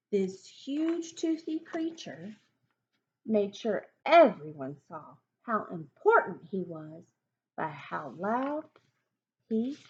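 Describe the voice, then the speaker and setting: Slow, lively woman reading a picture book. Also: mid-range voice, muffled recording. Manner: slow, sing-song rhyming delivery with chatty asides. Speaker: storybook reader.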